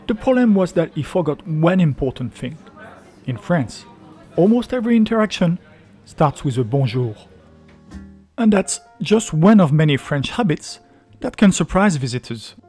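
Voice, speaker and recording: Lively man narrating a travel guide. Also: fairly high pitch, normal speed, soft background music. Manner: lively explanatory. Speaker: travel video host. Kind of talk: scripted narration.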